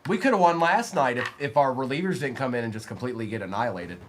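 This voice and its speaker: A young man on a live stream, chatting casually and calling out player names as he opens card packs, getting excited along the way. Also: medium pitch, quick pace, background noise.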